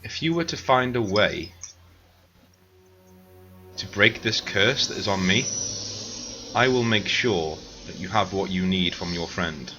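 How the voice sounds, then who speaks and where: A man voicing a scheming, cursed male lord who bargains quietly in a tabletop game. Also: deep voice, unhurried, pauses often, highs cut off, over music.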